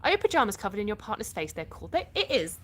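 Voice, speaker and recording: A woman's voice: medium pitch, very animated, quick pace, a bit bright. British woman chatting on a livestream, answers comments, laughs a lot, faint hiss behind her. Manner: chatty, laughs often, answers viewers' questions. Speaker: livestream host. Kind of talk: casual live chat reading comments.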